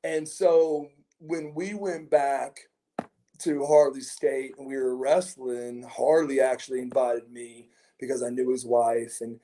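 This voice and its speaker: A middle-aged former pro wrestler gives an interview in a mid-range, dark-toned voice, speaking unhurriedly with a flat delivery. He tells anecdotes casually, with many repeated words, restarts, and chuckles.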